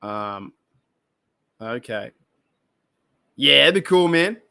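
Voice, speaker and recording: A man's voice: mid-range voice, animated, very slow, creaky, pushed and bright, smooth. A man hosting a casual live stream, chatting and reacting to viewer comments, often repeating himself and exclaiming. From Australia. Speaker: podcast host reading live chat.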